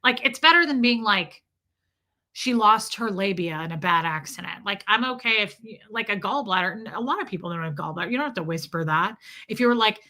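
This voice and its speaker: A woman's voice: mid-range voice, animated, a little fast, sharp tone. A woman hosting a casual livestream, rambling through a story and greeting viewers by name mid-sentence. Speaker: livestream host.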